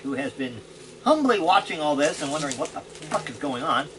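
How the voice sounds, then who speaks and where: A man's voice: on the high side, fairly quick. A man running a tabletop game as game master, narrating dice rolls and combat with a laugh. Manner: laughing, animated storytelling. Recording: noisy home recording.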